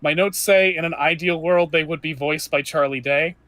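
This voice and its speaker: Game master narrating a tabletop session, halting with fillers, dry close sound. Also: medium pitch, steady tone, fairly bright tone, no echo. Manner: hesitant, lots of fillers.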